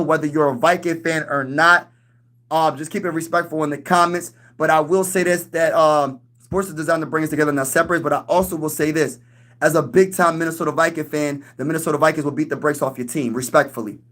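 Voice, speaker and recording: This young man's voice is on the high side, fairly bright, with fairly even intonation and a brisk pace. Hosting a casual sports stream, he hypes, answers chat comments he reads aloud, and trashes other teams.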